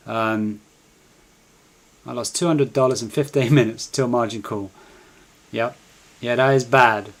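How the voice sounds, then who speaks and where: A trading live-stream host chats casually, poking fun at himself and encouraging his audience to join in. He speaks a little slowly with fairly even intonation, his voice at an ordinary mid pitch for a man.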